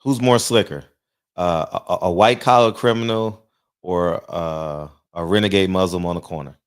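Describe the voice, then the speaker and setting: A male host in a casual interview chat, halting and often restarting his sentences. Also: low-pitched, smooth, dry recording, studio quality.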